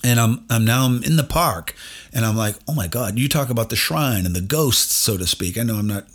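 A man hosting a podcast, telling a long animated story in a casual interview and acting out the voices of the people in it. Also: medium pitch, a little fast, husky. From New England. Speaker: podcast host.

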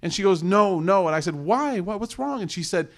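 Earnest man preaching to a room. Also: lively intonation. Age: 30s. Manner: earnest, rises in pitch for emphasis, slows on key lines. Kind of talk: sermon and closing prayer. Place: room with a live audience.

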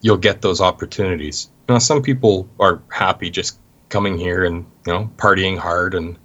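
A Canadian man, a guest in an interview, telling stories in a relaxed way with plenty of "you know" fillers. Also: deep voice, normal speed, highs cut off. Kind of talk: casual interview talk.

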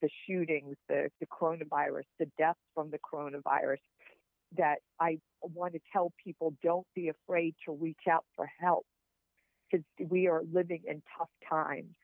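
A woman's voice: sits low, little pitch movement, moderate pace, no echo. A woman guest on a podcast telling personal stories in an earnest, heartfelt, encouraging way. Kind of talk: personal storytelling over a call. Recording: tinny phone-line sound, dry.

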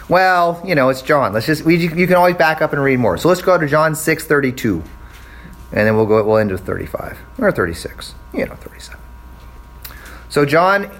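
A middle-aged man casually teaching a Bible study, animated and acting out quoted voices. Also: medium pitch, poor audio.

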